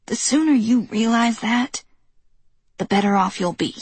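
A woman's voice: on the high side, unhurried, a little mellow, husky, dry recording, full character voice. A woman voicing a frail, skinny older woman who bluntly scolds and snaps orders at her neighbors. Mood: stern.

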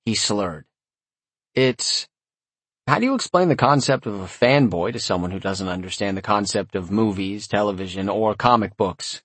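A man narrating a first-person story in a wry, sardonic tone, with a husky voice. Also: fairly low pitch, normal speed, no echo. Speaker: audiobook narrator.

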